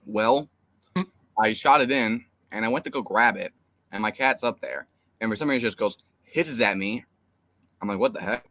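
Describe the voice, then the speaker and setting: A man's voice: on the low side, normal speed, sharp tone. A young man co-hosting a fan live stream, rambling through an exasperated story with lots of fillers. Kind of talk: casual live stream chat.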